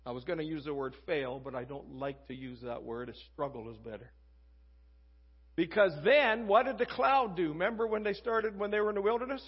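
A man's voice: a little high, expressive, brisk, slightly rough, muffled recording. A man preaching a casual, conversational sermon, reading scripture and acting out quoted voices.

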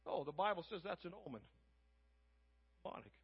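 A man preaching a sermon, retelling a Bible story and acting out the characters in lively voices. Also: high voice, fairly quick, husky, highs cut off. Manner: animated, acts out characters in different voices.

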